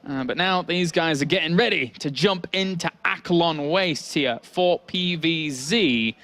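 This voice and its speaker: A man with an English accent commentating an esports match, chatty and quick to laugh, with announcer flourishes. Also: on the high side, a bit bright. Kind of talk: play-by-play game commentary.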